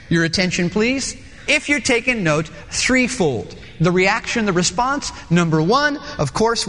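Lively high-voiced preaching man. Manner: emphatic preaching with repetition and dramatic pauses. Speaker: pastor. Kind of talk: sermon. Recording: reverberant church hall.

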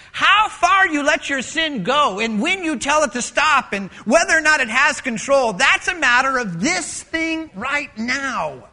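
A man preaching a sermon as pastor, dramatic, swinging between loud emphatic lines and hushed, intimate ones. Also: extremely high pitch. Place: church sanctuary. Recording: long hall reverb.

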